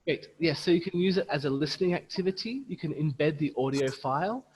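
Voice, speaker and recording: Man, teacher trainer, slightly high voice, husky, slow and patient, online call with a long echo. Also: darkish tone. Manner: patient, models words slowly and repeats them. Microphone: computer mic on a video call.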